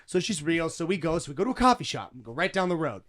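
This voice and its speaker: A man hosting a podcast, telling a story in a lively, animated way with frequent restarts. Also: fairly high pitch, quick pace. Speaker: podcast host. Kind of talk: casual interview chat.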